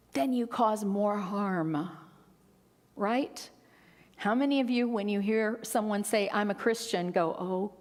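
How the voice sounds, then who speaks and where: A middle-aged woman minister giving a sermon, expressive, rising for quotes and dropping to a near whisper. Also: on the high side. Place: church sanctuary. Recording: long hall reverb.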